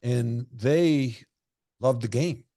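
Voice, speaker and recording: A man's voice: mid-range voice, drawn-out words, mellow, no room sound, studio quality. A man in his sixties, a former basketball coach, answering interview questions with earnest anecdotes and repeating phrases for emphasis. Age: 60s.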